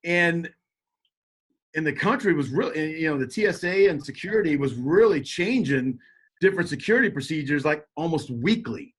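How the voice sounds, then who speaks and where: A middle-aged man telling a story as a podcast guest, animated and jokey, acting out quotes in shifting voices. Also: on the high side, moderate pace, breathy edge. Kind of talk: casual storytelling.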